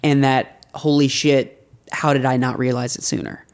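A man's voice: medium pitch, flat delivery, normal speed, clean tone. A man talking casually and candidly, rambling with frequent restarts and easy laughter. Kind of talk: casual podcast conversation.

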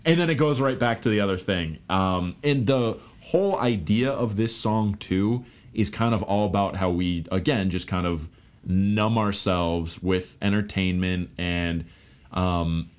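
A man with a slightly low-pitched voice co-hosts a relaxed podcast chat. He talks in an animated way and keeps tossing in quick acknowledgments like "okay" and "gotcha.". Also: smooth. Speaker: podcast co-host. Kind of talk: casual chat.

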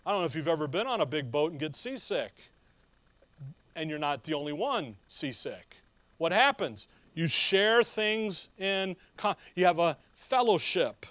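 A man's voice: a little high, sing-song, unhurried, a bit bright, no echo. A man preaching a sermon in a conversational way, asking rhetorical questions and telling personal stories with a chuckle. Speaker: pastor.

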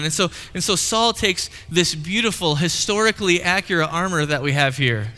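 Brisk and barely pausing, a male pastor with a high-pitched, bright, forceful voice delivers a sermon with a live demonstration in a reverberant hall. He relays a story playfully and conversationally, acting out each quote.

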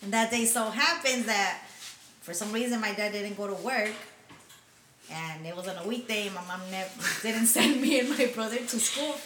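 A woman from Los Angeles recounting a memory in casual chat, halting with frequent ums. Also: mid-range voice, fairly bright tone, a little hiss or hum. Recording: echoey room.

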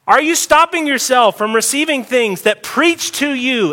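Male pastor, high voice, sermon, emphatic, bursts of loud emphasis, long church-hall reverb. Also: normal speed, hardly any pauses. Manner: animated, emphatic preaching with sudden loud outbursts. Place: church sanctuary.

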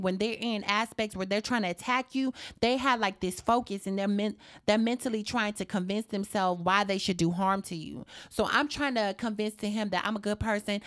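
A young adult woman telling a personal story in a casual interview, acting out the dialogue and swearing freely. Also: medium pitch. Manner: animated, acts out quoted dialogue, swears freely.

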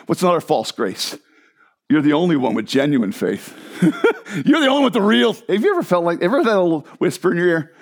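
A male pastor preaching a sermon in an animated, joking way, sometimes mimicking other voices. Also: fairly high pitch, a little fast.

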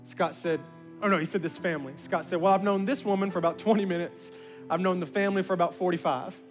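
A man's voice: sits high, quick pace, faint music behind. A man pastor telling a story in a sermon, acting out the voices of the people in it. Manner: animated, acts out quoted voices.

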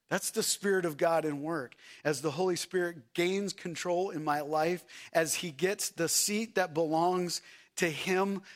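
A male pastor with a high-pitched voice preaches a sermon. He swings from loud, shouted passages down to soft, hushed lines and keeps asking the congregation questions. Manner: swings between shouting and soft, quiet delivery; asks the congregation rhetorical questions.

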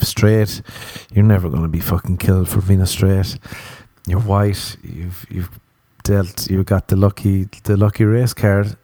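Male comedian, podcast monologue, profane sarcastic rant, low mellow voice, dry close sound. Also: no echo. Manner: crude ranting, profane, sarcastic. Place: Los Angeles home recording.

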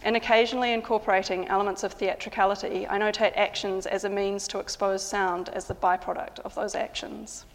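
A woman composer calmly describing how she works, in measured, reflective narration. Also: mid-range voice, long reverb tail, a little hiss or hum.

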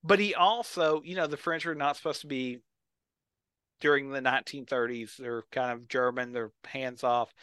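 Bright, clear-voiced man telling stories. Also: mid-range voice, fairly even intonation, moderate pace, no room sound. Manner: enthusiastic storytelling, acts out quotes. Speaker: podcast co-host. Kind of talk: casual chat.

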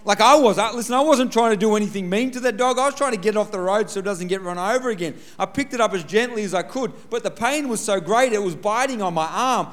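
Male preacher, slightly high voice, chatty storytelling sermon with humor. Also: animated, fast talker, few pauses. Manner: conversational, tells a personal story with humor, often says "listen". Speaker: pastor.

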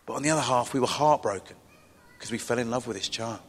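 A middle-aged male pastor preaching in a church, chatty and self-deprecating, with asides to his congregation. His voice is slightly husky and sits at an ordinary middle pitch. A long hall reverb trails behind every phrase. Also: quick pace. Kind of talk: sermon.

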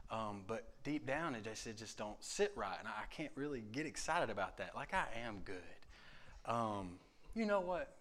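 Halting low-voiced man preaching. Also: fairly bright tone. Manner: halting, lots of ums and repeated words; acts out conversations with coworkers. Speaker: church speaker giving a devotion. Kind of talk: casual spoken devotion.

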